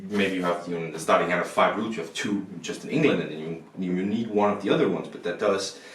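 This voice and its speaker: A man's voice: low-pitched, fast talker, echoey room, a little hiss or hum. A man from Denmark reviewing a board game, talking casually and rambling, often repeating and correcting himself. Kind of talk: casual review with rules walkthrough.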